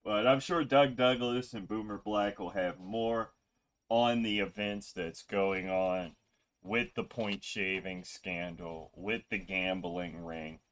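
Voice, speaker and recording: A man streaming a video game, chatting casually in a rambling, joking, low-key way. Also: fairly even intonation, takes it slowly, fairly bright tone. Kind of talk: casual gameplay stream chat.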